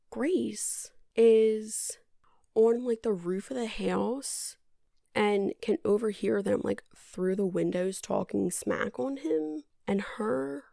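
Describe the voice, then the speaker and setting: A woman's voice: medium pitch, very animated, slow pace, vocal fry, dark tone, dry recording. A woman podcast host giving a casual movie recap in a dry, sarcastic, rambling way.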